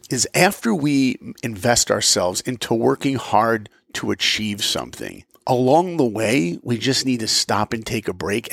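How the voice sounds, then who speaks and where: A man delivers a motivational podcast monologue with an earnest, storytelling manner. His voice has a gravelly edge and swings widely in pitch. The sound is close and dry. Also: no echo. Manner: earnest, storytelling with acted-out quotes. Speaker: podcast host.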